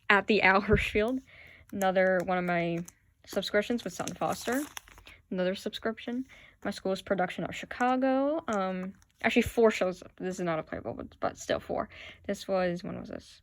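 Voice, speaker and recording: A woman chatting casually into her phone, gushing with fan enthusiasm as she shows off her collection. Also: mid-range voice. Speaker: vlogger showing her playbill collection. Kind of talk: casual chat to camera.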